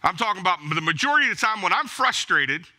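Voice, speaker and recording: Pastor guy preaching, high voice, real bright and punchy, blunt commands. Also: sing-song, fast. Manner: emphatic, exhorting, blunt repeated commands. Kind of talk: sermon. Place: church.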